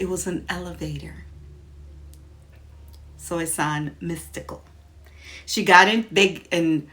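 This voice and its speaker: A woman's voice: lowish voice, fairly bright tone. A woman vlogger chatting casually, retelling a story while doing her makeup.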